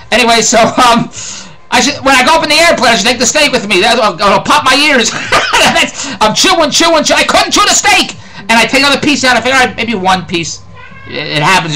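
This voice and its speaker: A man's voice: sits high, bright, forceful tone, rough recording. A middle-aged man with a Philadelphia accent, ranting in a rambling, exasperated comic monologue and repeating himself. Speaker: host.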